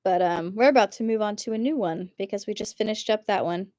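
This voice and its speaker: A woman's voice: medium pitch, fast talker, darkish tone, no echo, clean studio sound. Giggly woman reading posts on stream. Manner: chatty, giggly, breaks off to comment. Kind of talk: casual live-stream reading.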